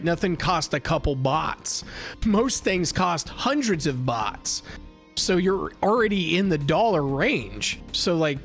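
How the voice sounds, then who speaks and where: A man with a fairly high voice chats on a livestream, spinning a rambling travel story full of swearing and restarts. Faint music plays behind him as he talks into a desk mic. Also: a bit bright. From United States. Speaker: livestream host. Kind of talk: casual chat.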